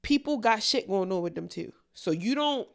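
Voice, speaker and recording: A woman's voice: mid-range voice, lively intonation, normal speed, gravelly. A young adult woman co-hosting a podcast, talking bluntly and candidly with a lot of profanity. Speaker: podcast co-host. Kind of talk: candid casual chat.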